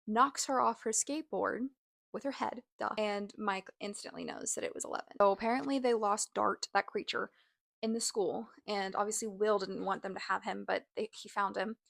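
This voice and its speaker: A woman hosting a casual TV recap vlog, talking in a chatty, animated way with lots of "like" fillers. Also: medium pitch, normal speed, vocal fry, no echo, studio quality. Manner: animated, exclaims and laughs. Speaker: show recap host.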